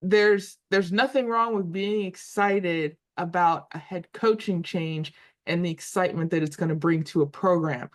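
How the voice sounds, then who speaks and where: A woman in her forties chats about college football as a show co-host, with a slightly low voice. She thinks out loud, stumbling and repeating words as she searches for names. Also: steady tone, normal speed. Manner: thinks aloud with frequent restarts and repeated words. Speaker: podcast co-host. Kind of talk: casual sports talk.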